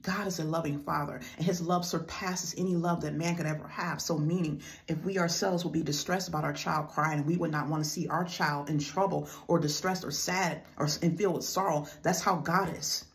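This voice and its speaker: A woman's voice: sits low, steady tone, a little fast, few pauses. A woman giving a devotional teaching, reading scripture aloud and then explaining it plainly in her own words. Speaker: preacher.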